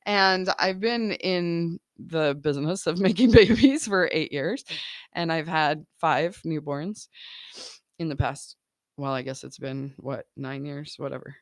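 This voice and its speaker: A woman's voice: low-pitched, measured pace, no room sound, studio quality. A woman in her thirties, a life coach hosting a casual podcast monologue, encouraging and laughing often, with lots of "like" and "right?".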